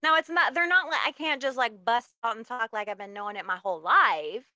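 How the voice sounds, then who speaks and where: A woman's voice: fairly high pitch, a little fast, pushed and bright, no room sound. A woman chatting as a podcast guest, telling stories animatedly with laughs. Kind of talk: casual chat.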